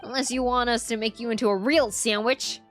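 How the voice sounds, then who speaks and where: A woman doing a gruff, bossy police inspector. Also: on the high side, fairly even intonation, a little fast, soft background music, lightly acted. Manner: brusque, threatening.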